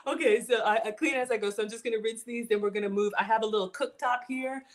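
Brief: bubbly woman host, higher voice, laughs through her sentences, cooking live. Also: fast. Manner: giggly, excitable, talks in restarts. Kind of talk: casual chat on a video call.

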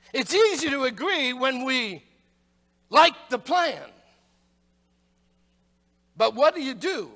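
A male pastor preaching a sermon, emphatic, building to shouts on rhetorical questions. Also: high voice. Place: church sanctuary. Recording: long church hall reverb.

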